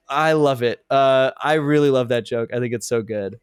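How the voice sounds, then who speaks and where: An enthusiastic man co-hosting a casual podcast, breaking into laughter as he retells scenes. His voice is smooth and resonant. The recording is dry and close, with no room sound. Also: medium pitch, moderate pace, hardly any pauses, dry recording. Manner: enthusiastic, laughs often, quotes lines from the show. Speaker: podcast co-host. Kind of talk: casual chat.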